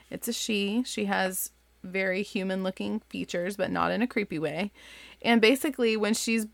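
A woman's voice: mid-range voice, no room sound. A woman in her thirties, a parent, chatting enthusiastically about favorite picture books in a casual, rambling way. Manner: chatty, enthusiastic, lots of likes. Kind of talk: casual book recommendation chat.

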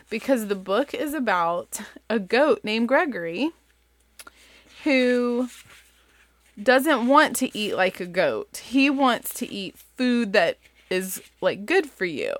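A woman's voice: on the low side, fairly bright tone, dry recording, studio quality. A woman in her thirties, a parent, chatting enthusiastically about favorite picture books in a casual, rambling way. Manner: chatty, enthusiastic, lots of likes. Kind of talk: casual book recommendation chat.

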